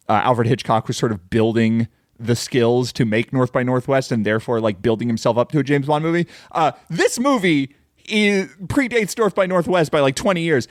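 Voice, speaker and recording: A man's voice: medium pitch, no room sound, clean studio sound. A man hosting a podcast, talking through a film in a rambling, casual monologue and cursing freely. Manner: rambling and conversational, swears freely, says "like" often. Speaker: podcast host.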